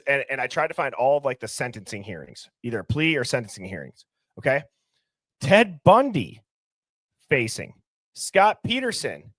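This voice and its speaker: A man's voice: medium pitch, no room sound, clean studio sound. A young man hosting a livestream, talking casually and animatedly, firing off rhetorical questions. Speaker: livestream host.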